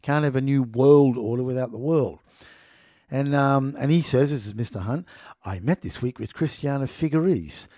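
A man's voice: medium pitch, normal speed, warm tone, dry recording. Man, online commentator, reads news aloud and mocks it, indignant, dry close sound. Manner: indignant, mocking, keeps addressing listeners as "people". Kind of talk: reading a news article aloud with running commentary.

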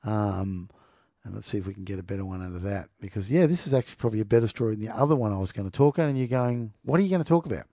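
A man's voice: lowish voice, steady tone, very fast, mellow, no room sound, studio quality. A man reading news aloud and commenting casually, sarcastic, laughing often and stumbling over hard words.

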